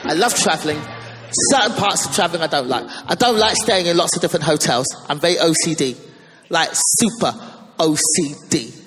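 A woman doing stand-up, brisk and self-mocking as she confesses her quirks. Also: deep voice, fairly bright tone, faint music behind. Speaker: stand-up comedian. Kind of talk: stand-up routine. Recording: long reverb of a large hall, faint noise.

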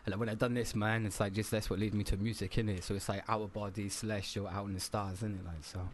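A gruff man with a Corby accent and a Scottish tinge, a guest MC in casual radio chat who trails off into slang tags. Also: on the low side, flat delivery, quick pace, a little hiss or hum. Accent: Corby, Northamptonshire, with a Scottish tinge. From Corby, Northamptonshire, England.

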